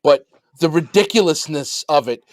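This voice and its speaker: A man's voice: on the high side, animated, normal speed, no echo. A man co-hosting a podcast, talking casually and mocking. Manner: talkative, mocking. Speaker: podcast co-host. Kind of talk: casual chat.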